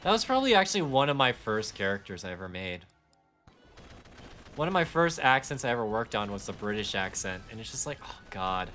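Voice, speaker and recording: A man chats casually while streaming a game, rambling and poking fun at himself. His voice sits slightly low but sounds bright and forceful. Faint game music plays behind him. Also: sing-song, brisk. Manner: rambling, self-deprecating, slips into accents. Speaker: gaming streamer. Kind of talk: casual live-stream chat while gaming.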